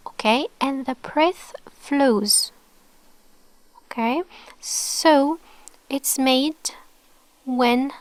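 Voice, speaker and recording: A woman's voice: fairly high pitch, dry recording. A woman teaching an online lesson, explaining patiently, often checking with okay and dropping into a whisper to model sounds. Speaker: Arabic teacher.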